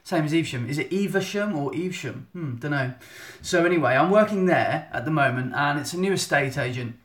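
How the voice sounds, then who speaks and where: A man's voice: a little high, fairly quick, fairly bright tone. Chatty man streaming from a phone. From England. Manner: chatty, rambling, self-interrupting. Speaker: photographer giving a monthly live update. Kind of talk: casual live-stream chat. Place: indoor room at home. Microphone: phone at arm's length. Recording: echoey room on phone.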